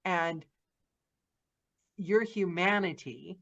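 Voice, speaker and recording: A woman's voice: fairly low pitch, very slow, creaky, fairly bright tone, dull audio. A woman hosting a podcast, talking effusively in casual interview style and peppering her sentences with "like". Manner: effusive, gushing, frequent "like". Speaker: podcast host and narrator.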